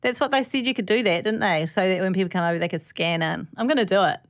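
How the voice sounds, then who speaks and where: A woman's voice: medium pitch, fast talker. A woman hosting a podcast, chatting casually and laughing often. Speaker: podcast host.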